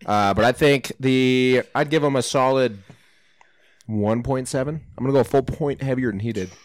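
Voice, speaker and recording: A man's voice: mid-range voice, moderate pace, no room sound. A man hosting a casual podcast, joking and bantering with friends while rating snacks. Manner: jokey, lively banter. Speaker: podcast host. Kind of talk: casual chat.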